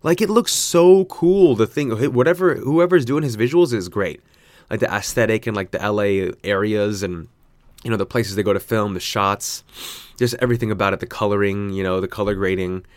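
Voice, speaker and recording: In a rambling, chatty vlog, a young man talks casually and fairly quickly, cracking self-deprecating jokes. His pitch jumps up suddenly whenever he gets excited, and the recording is dry.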